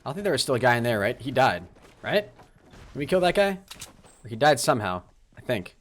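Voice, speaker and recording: A man streaming a game live, commenting on play and talking straight to his chat in a lively, apologetic way. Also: medium pitch, fairly quick, a little hiss or hum. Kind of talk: live gameplay commentary and chat shout-outs.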